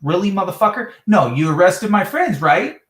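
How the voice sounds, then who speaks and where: A man's voice: high voice, very animated, normal speed, a bit bright, reverberant. A man ranting heatedly on a livestream talk show, swearing and exasperated.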